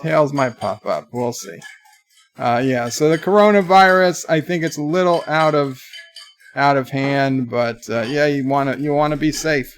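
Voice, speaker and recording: A man hosting a livestream, reading viewer chat comments aloud in a chatty, halting way. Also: on the high side, soft background music. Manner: chatty, halting, with many restarts. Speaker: livestream host.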